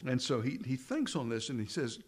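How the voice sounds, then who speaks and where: A man's voice: medium pitch, very animated, a little fast, slightly rough. A man preaching a sermon in an earnest way, asking rhetorical questions and repeating phrases for emphasis.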